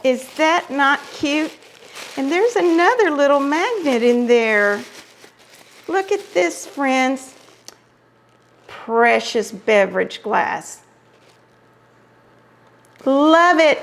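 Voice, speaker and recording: Woman craft vlogger, effusive and exclaiming, slow-paced and high-pitched. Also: gravelly. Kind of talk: casual chat, unboxing mail.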